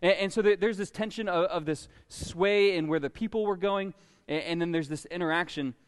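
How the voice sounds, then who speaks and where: A man preaching a sermon, animated and full of stammering restarts, recorded in a church sanctuary. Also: sits high, brisk, clear, resonant tone. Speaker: pastor. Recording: long church hall reverb.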